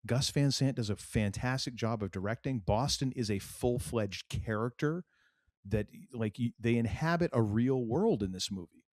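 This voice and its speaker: A man's voice: mid-range voice, normal speed, a little mellow, no echo, studio quality. A middle-aged man from New England, co-hosting a podcast in casual, rambling chat full of fillers and restarts. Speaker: podcast co-host.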